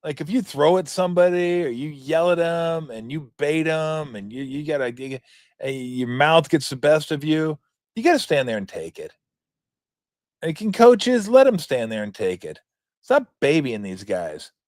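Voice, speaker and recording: A man's voice: fairly high pitch, sing-song, normal speed, darkish tone, no room sound, clean studio sound. A man in his fifties hosting a sports talk show, commenting in a rambling, joking, profane way. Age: 50s.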